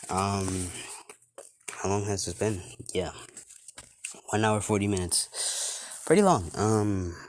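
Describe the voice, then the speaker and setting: Young male storyteller, deep voice, casual and rambling. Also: a little hiss or hum. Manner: rambling, run-on clauses with fillers. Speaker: fan story narrator.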